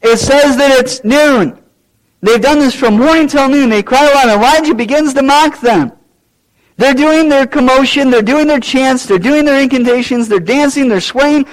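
Male preacher with a very high voice; sermon delivery that surges loud, then drops to near-murmured asides. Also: moderate pace, low-quality recording. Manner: dramatic swings between loud, raised lines and low, quiet asides. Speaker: pastor.

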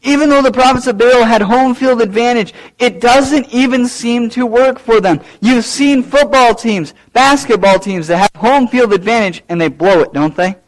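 A pastor delivers a sermon in a strikingly high male voice. He builds to loud, raised lines, then sinks into low, quiet asides to the congregation. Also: moderate pace, hardly any pauses, low-quality recording.

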